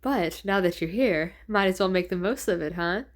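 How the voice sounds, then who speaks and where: A woman's voice: lowish voice, normal speed, lightly acted. A woman voicing a flamboyant, menacing male demon lord in her own ordinary voice, with a mocking, theatrical drawl.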